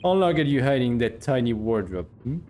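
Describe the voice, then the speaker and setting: A man voicing a gruff male Russian sailor with an attempted Russian accent, speaking in a stiff, menacing way. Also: mid-range voice, big pitch swings, brisk, darkish tone, slight background noise, close to an everyday voice. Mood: accusing.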